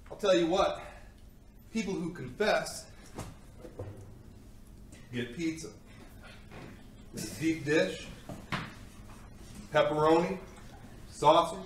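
Brief: student actor as a self-righteous cop grilling a suspect, a bit high-voiced, badgering; echoey room, distant mic. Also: male voice, a bit bright. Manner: badgering, repeats himself. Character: male police interrogator, pushy and self-righteous. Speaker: student actor in a class skit. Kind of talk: amateur comedy skit acting. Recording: echoey room, mic far off, faint noise.

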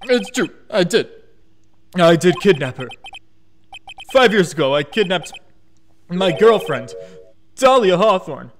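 Loud, simple-minded young convict with broken English, pitched up high , as a man voices him while reading a game aloud. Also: big pitch swings, slow pace, pauses often, slight background noise, heavily acted. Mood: confessing.

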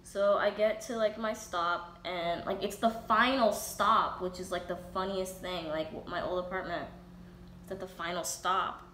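This young vlogger has a lowish yet fairly bright voice, steady in tone and moderate in pace. She shares a casual, profane story frankly, reenacting dialogue by quoting herself and others. Roomy echo, faint ambience, and slight background noise fill the recording.

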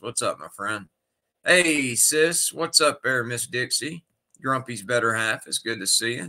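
Very bright-voiced sick male streamer. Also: medium pitch. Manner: greets viewers one by one by name. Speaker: livestream host. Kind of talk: casual livestream chat.

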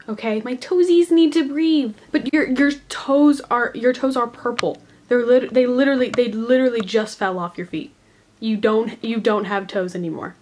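A woman's voice: on the high side, lightly acted. A woman voicing a defiant guy who hates socks and insists on going barefoot in the cold, ranting dramatically. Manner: indignant and dramatic. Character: defiant sock-hating sandals guy, freezing barefoot.

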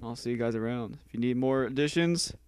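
A man's voice: mid-range voice, fairly quick, darkish tone, slight background noise. A man auditioning for voice work at home, goofing around between lines with playful sound effects. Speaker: voice actor auditioning. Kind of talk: casual banter, practicing lines.

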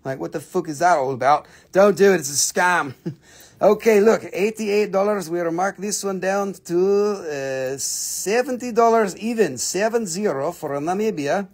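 A man's voice: sits high, lively intonation, a little slow, breathy edge. Joking, foul-mouthed man hosting a sale. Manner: joking, profane banter with playful put-on accents. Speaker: host of a live rock and mineral sale. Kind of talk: casual live sales stream.

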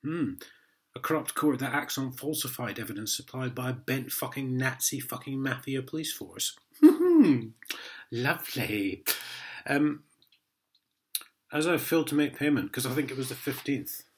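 A man's voice: mid-range voice, normal speed. An Englishman in an angry vlog rant, swearing heavily and mocking a letter he reads aloud. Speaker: vlogger.

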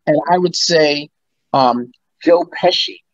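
A man's voice: a little high, slow pace, no room sound, dull audio. A man, a guest musician, telling stories in an interview and acting out what people said. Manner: animated, acts out quotes. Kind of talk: interview storytelling.

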